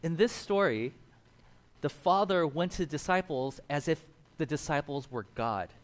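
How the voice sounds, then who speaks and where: A man preaching a sermon in a casual, animated storytelling way, acting out the people in the passage. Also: on the high side, moderate pace. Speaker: pastor.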